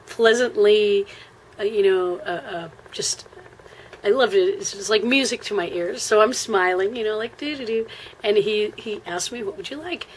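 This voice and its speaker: A woman with an American accent telling a travel story in a casual, rambling way, with lots of fillers and frequent throat clearing. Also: mid-range voice, a little hiss or hum, rough recording.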